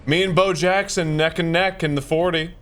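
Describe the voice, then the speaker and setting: A man's voice: a little high, fairly even intonation, normal speed, a bit bright, voice pushed up, lightly acted. A man putting on the voice of a boastful older male politician who brags in repetitive superlatives. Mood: bragging. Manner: bragging, exaggerated superlatives, repetitive.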